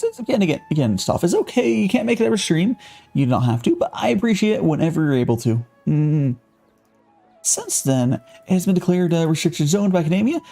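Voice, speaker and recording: Brief: lively gaming streamer, mellow tone, reading quest lines over soft game music. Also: mid-range voice. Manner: animated, breaks off reading to react to chat. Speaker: live-streamer. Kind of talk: game live stream, reading quest text and chatting with viewers.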